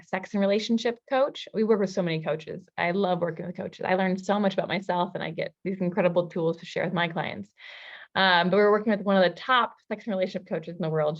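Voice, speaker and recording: A woman relationship coach teaching a masterclass, telling personal stories in a lively, casual way. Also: mid-range voice, dull audio. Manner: lively storytelling, casual fillers.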